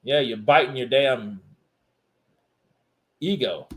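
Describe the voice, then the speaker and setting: A man's voice: medium pitch, takes it slowly. A man hosting a casual boxing livestream, loose and joking, who laughs often and swears freely. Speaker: live stream host.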